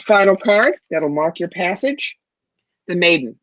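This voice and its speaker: A woman's voice: lowish voice, lively intonation, measured pace, no room sound, muffled recording. A woman giving psychic readings to viewers in a confident, familiar way, calling people darling. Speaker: psychic medium guest.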